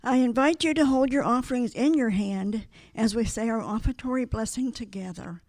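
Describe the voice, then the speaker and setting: A woman's voice: a little high, moderate pace, darkish tone, no room sound. Chatty woman speaking at church. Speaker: minister's wife leading offering. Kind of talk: casual church remarks and offertory. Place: church sanctuary.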